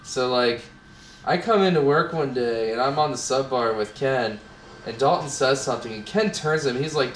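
A man's voice: medium pitch, normal speed, distant mic. A young man who works at a sub shop, chatting casually and sarcastically with lots of swearing. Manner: sarcastic, swearing, acts out coworkers in quotes. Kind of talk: casual podcast chat. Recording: echoey room, off-mic, faint noise.

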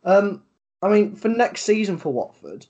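A man's voice: high-pitched, sing-song, unhurried, darkish tone, muffled recording. A man with a Yorkshire accent co-hosting a casual football podcast, rambling with lots of fillers and free swearing. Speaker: podcast co-host.

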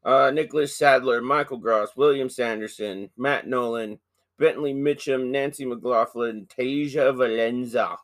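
A man's voice: medium pitch, fairly even intonation, a little slow. A man hosting a horror podcast, chatting casually and joking with his wife in slang. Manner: joking, playful banter with slang. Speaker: podcast host.

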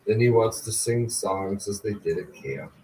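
A man, the host of a podcast, reading a book aloud slowly and deliberately. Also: on the low side. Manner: slow, deliberate, even reading. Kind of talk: audiobook-style reading. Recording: distant mic with faint background noise.

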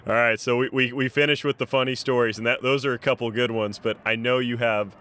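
A man with a smooth, resonant voice chats casually with an old teammate. He speaks at a middle pitch. Most of what he says is short, easy agreement. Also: a little fast. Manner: relaxed, short agreeing replies. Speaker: former college baseball teammate, co-host. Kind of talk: casual chat.

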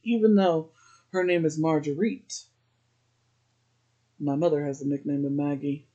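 A man's voice: on the high side, fairly even intonation, normal speed, long pauses, mellow. Chatty man recapping a TV episode. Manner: chatty, laughs often, uses "like" a lot. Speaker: podcast host.

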